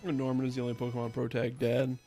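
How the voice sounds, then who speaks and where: A man's voice: mid-range voice, monotone, fast talker, mellow, soft background music. A man giving casual gameplay commentary on his stream, rambling and playful, often restarting his sentences. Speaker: VTuber streamer.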